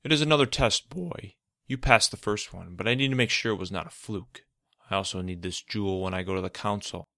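A man reads out a cunning male schemer from a storybook, with cool, demanding lines and a quiet threat under them. The voice is pushed and forceful, sitting a little above the reader's deep natural pitch. It is close and dry, with no room sound at all. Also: fairly quick, vocal fry, no room sound. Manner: cool, demanding, faintly menacing. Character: scheming, commanding adult male official. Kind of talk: storybook narration.

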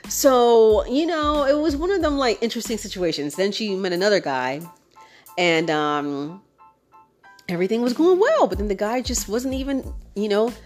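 A young adult woman hosting a podcast in a casual chat, talking in a relaxed, animated way, with features, and switching into voices when quoting friends. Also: on the high side, normal speed, soft background music. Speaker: podcast host.

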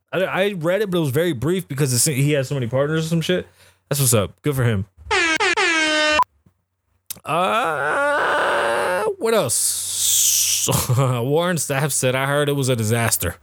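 Male podcast host, slightly raised pitch, dry close sound; swears freely and rambles through opinions on the news. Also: no echo. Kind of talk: casual news commentary.

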